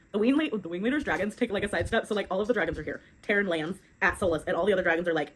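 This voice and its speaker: In a rough recording, a young woman with a mid-range voice casually walks through a novel chapter by chapter as a book reviewer. She summarizes fast, quotes passages aloud, and uses lots of fillers.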